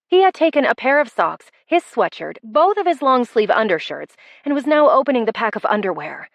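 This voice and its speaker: A woman narrating a first-person romance audiobook with wry, expressive delivery. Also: fairly high pitch, brisk, few pauses, no echo, dull audio.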